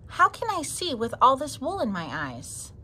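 A woman's voice: high voice, huge pitch swings, normal speed, pushed and bright, slight background noise, voice pushed up, full character voice. Woman playing a bouncy, fussy storybook sheep. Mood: exclaiming. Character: fluffy female sheep, dramatic and fussy.

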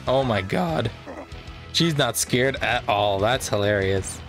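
A man casually commenting on his own gameplay, joking and excitable, correcting himself as he goes. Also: medium pitch, slow, soft background music. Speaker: let's play gamer.

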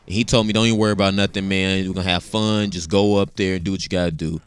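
A man in his thirties with a deep, smooth voice talks fast as he tells a personal story casually. He's animated and slangy, often repeating words.

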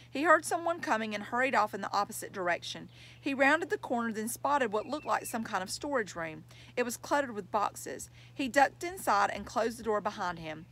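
A woman narrating a children's chapter book in a measured, clear storytelling manner. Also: on the high side, expressive, fairly bright tone. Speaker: audiobook reader.

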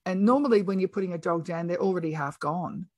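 Frank, animated middle-aged woman storyteller. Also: lowish voice, fast, slight background noise. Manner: animated, acts out quoted dialogue; frank and outspoken. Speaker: podcast guest. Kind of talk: casual storytelling chat.

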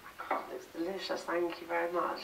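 A woman at a dinner party, chatting warmly and effusively as a guest. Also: fairly low pitch, completely flat delivery, a little fast, creaky, far from the mic, slight background noise, poor audio. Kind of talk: casual chat.

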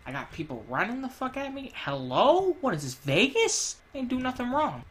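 A young man riffing crudely over his gameplay, swinging between low mutters and sudden loud shouts. His commentary is jokey, profane and full of laughter. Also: huge pitch swings, moderate pace, few pauses, a little hiss or hum. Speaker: gaming channel host.

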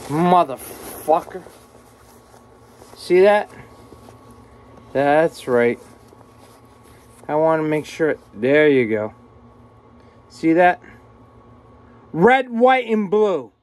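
A man's voice: on the high side, sing-song, extremely slow, pauses often. A man ranting angrily to the camera in a vlog from a room at home, swearing constantly and repeating himself. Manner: agitated, swearing constantly, repetitive. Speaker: vlogger. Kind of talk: angry profane rant to camera.

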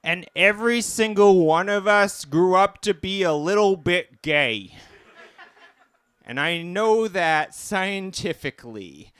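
A comedian performing a live stand-up set in a small cafe, camp and self-deprecating, with jokey asides. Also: male voice, sits high, animated, slow pace, fairly bright tone, clear, resonant tone, dry recording.

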